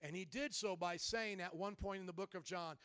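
Male pastor, high voice, lively emphatic preaching, dry close sound. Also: normal speed, clean tone, no room sound. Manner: animated, emphatic preaching, bursts into shouts. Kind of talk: sermon. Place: church service.

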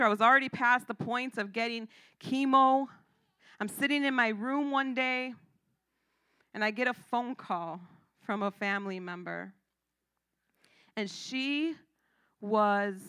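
Woman preaching, hushed to shouting. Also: fairly high pitch, smooth, no echo, studio quality. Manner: dramatic swings from hushed near-whisper to loud preaching; emphatic repetition. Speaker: church speaker giving testimony. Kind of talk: sermon testimony.

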